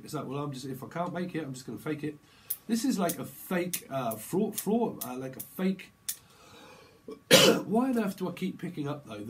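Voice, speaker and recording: A man giving a casual, rambling tarot reading, breaking into quick acted-out exchanges full of slang. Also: on the high side, a little hiss or hum, poor audio. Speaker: tarot reader.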